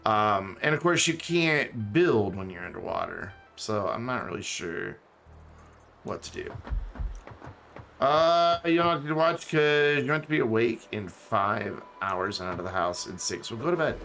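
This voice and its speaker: A man live-streaming a building game, chatting in a rambling, easygoing way. His pitch swings a lot as he talks. Music plays clearly under his voice. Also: expressive, a little slow, a bit bright. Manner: chatty, rambling, reads chat aloud. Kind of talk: casual live-stream chat while gaming. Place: home room with background music. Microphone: desk mic and webcam.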